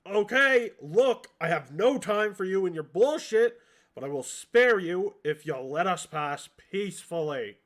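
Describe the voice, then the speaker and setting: A man plays a determined adventurer in a tabletop game, blunt and impatient. The voice is his own, a little higher than most men's. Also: a little slow, hardly any pauses, fairly bright tone.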